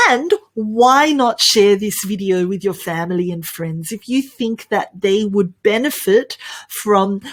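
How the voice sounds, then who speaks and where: An Australian woman teaching English pronunciation in an online lesson, cheerful, often laughing and drilling words slowly. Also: medium pitch.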